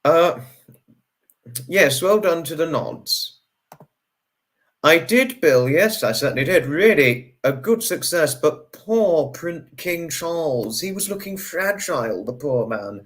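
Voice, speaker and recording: A man, hosting a casual livestream and reading out viewer comments in a chatty way, greeting each viewer with sudden high bursts. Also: expressive, takes it slowly. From United Kingdom. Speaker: livestream host.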